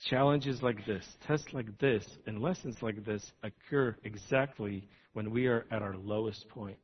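Male preacher, low and earnest, reflective delivery, dull lo-fi audio. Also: husky. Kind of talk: sermon. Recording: dull lo-fi sound.

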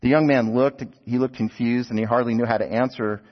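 A man's voice: medium pitch, fairly even intonation, a little fast. A man preaching a sermon, telling stories with rhetorical questions and light asides, in a dull recording with a long hall echo.

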